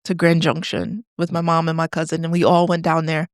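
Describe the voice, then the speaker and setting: Low-voiced woman from Detroit telling a story. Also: brisk, no echo, studio quality. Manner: animated storyteller, frequent laughs and "um"s. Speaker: podcast guest. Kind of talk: conversational storytelling. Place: podcast studio.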